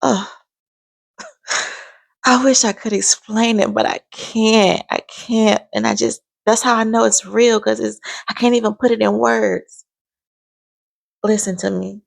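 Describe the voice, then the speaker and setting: A woman's voice: fairly high pitch, fairly even intonation, a little slow, vocal fry, pauses often, dry recording. A woman in her forties sharing an emphatic, heartfelt faith testimony in a vlog. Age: 40s. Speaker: vlogger.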